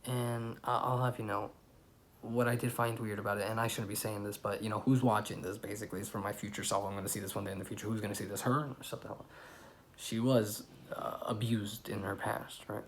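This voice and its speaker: A young man vlogging, telling a rambling personal story in a casual, animated way with loud outbursts. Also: lowish voice, fast talker, hardly any pauses, a little hiss or hum.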